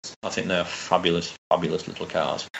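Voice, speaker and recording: A man's voice: sits low, level tone, fast talker, vocal fry, a bit bright, dull audio, a little hiss or hum. A man chatting enthusiastically as a guest, rambling with restarts. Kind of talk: casual chat.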